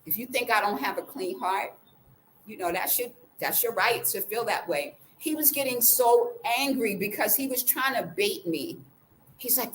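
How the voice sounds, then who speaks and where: A woman vlogger telling a personal story in a casual way, acting out the quoted dialogue with lively changes of voice. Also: medium pitch, moderate pace, slight background noise, poor audio. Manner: animated, acts out the quoted dialogue.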